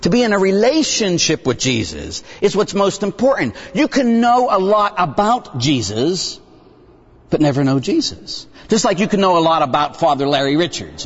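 A middle-aged man, a Catholic priest, preaching a lively sermon and acting out dialogue with young people in different voices. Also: fairly quick. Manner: animated, acts out dialogue with kids, bursts into high excited voices. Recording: dull sound with long hall reverb.

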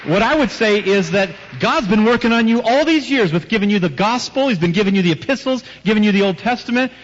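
A man with a high-sitting voice talks fast and animatedly while preaching a sermon to a live audience. He tells personal stories, asks emphatic rhetorical questions and teases lightly. The audio is dull, with a long reverb from the hall.

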